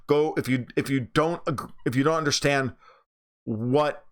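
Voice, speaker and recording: A man's voice: mid-range voice, unhurried. Profane blunt New York man. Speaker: livestream host. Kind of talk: livestream commentary reading chat.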